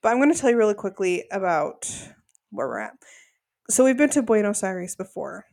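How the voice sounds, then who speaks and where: A woman co-hosting a podcast recaps episodes in easy, casual chat. Her voice sits at a medium pitch. She often slips into animated voices to quote people, and the recording is close and dry with no room sound. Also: a little fast, dry recording. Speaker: podcast co-host.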